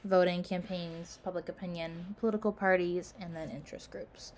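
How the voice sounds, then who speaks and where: Slight background noise accompanies a college instructor making casual course announcements, her speech full of "um" and "like." She sounds tired and yawns, speaking in a lowish, steady tone at a moderate pace.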